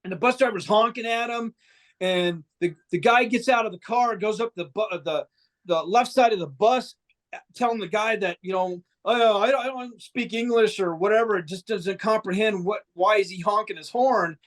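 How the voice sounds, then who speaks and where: A man's voice: sits high, normal speed, a bit bright. A man, a guest musician, telling a long anecdote in a casual, profane, rambling way with frequent restarts. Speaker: band member guest. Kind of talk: casual storytelling.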